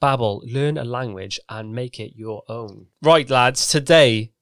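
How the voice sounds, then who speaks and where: A man's voice: medium pitch, a little slow, a bit bright, clear, resonant tone, no echo, clean studio sound. Easygoing Welsh man on a podcast. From Wales. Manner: joking, easygoing, chuckles a lot. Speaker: podcast co-host. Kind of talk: casual chat and ad read.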